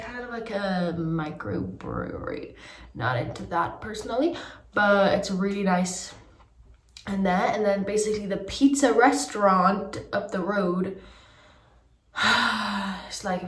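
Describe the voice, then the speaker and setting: A woman's voice: fairly low pitch, recorded from a distance, slight background noise. A young woman with a Geordie accent, hungover, chatting rambly to her phone camera while getting ready in her bathroom. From Newcastle, England. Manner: rambling, chatty, many fillers. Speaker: vlogger. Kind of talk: casual chat to camera. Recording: echoey room, voice off-mic.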